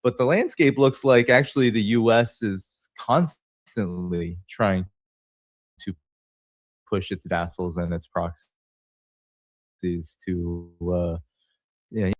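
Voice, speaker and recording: A man's voice: deep voice, slow pace, pauses often, no room sound, studio quality. A man hosting an interview, asking long, rambling questions full of fillers. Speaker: show host.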